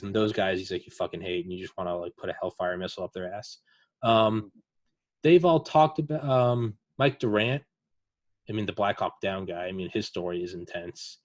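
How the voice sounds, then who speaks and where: A man with a deep voice, recorded with no room sound, hosts a casual podcast chat. He retells veterans' war stories in a rambling way, using lots of fillers.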